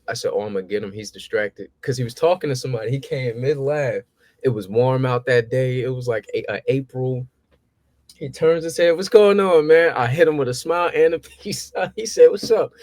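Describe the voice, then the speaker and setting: A young man tells stories in a relaxed chat. He acts out his old conversations, his voice jumping high as he plays them back. The sound is dry and close. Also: no room sound. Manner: animated, acts out his own past exchanges with rising pitch. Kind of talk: casual storytelling.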